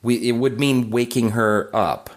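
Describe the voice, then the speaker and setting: A man's voice: medium pitch, steady tone, unhurried, slight background noise. A man playing a tabletop role-playing game, talking through tactics hesitantly and restarting his sentences. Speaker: player.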